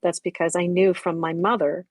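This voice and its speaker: A woman's voice: fairly low pitch, level tone, normal speed, a little mellow, no room sound. A woman in her sixties reminiscing candidly and reflectively, speaking frankly and swearing bluntly at times. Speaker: memorial stream guest.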